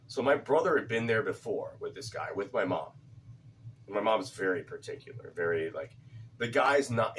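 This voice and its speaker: A man's voice: on the low side, far from the mic, a little hiss or hum. A man chatting casually in a vlog, rambling, repeating words and swearing now and then. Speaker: cigar vlogger. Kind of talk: casual chat.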